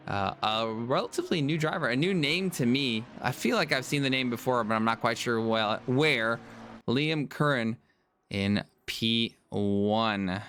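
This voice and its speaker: A man commenting on a sim racing stream live, chatty and quick to apologize and laugh at himself. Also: medium pitch, fairly bright tone, a little hiss or hum. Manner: apologetic, self-deprecating, chatty.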